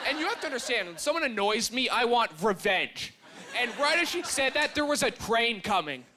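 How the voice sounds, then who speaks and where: A young man does dark stand-up on a club stage with a handheld mic. His voice sits very high for a man, and his delivery is wry and punchy. The club's noise is clearly heard around him. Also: sing-song, fairly quick. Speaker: stand-up comedian. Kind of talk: stand-up comedy set. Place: comedy club stage with a live audience. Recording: audience ambience with noise.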